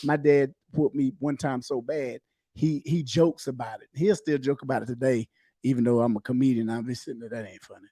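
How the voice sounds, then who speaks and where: A man's voice: medium pitch, steady tone, brisk, mellow, no echo, studio quality. A man, a comedian guest, telling childhood stories in a laid-back drawl on a casual podcast. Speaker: comedian guest, former officer. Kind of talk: casual storytelling chat.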